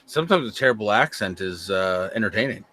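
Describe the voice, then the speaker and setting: A man's voice: lowish voice, fast talker, dry recording. A middle-aged man chatting as a guest, often repeating and stumbling over his words. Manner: lively, repeats words, stammers. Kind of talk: casual chat.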